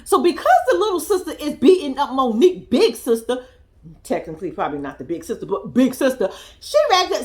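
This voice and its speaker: Young female vlogger, high and very animated, profane and laughing, casual reaction commentary.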